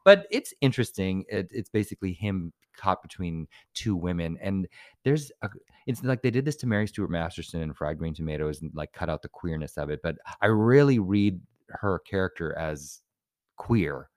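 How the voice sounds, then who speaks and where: A man's voice: sits low, expressive, brisk, dry recording, clean studio sound. A man co-hosting a casual chat about films, rambling with lots of trivia and restarts. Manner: rambling, full of film trivia, many restarts. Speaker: podcast co-host.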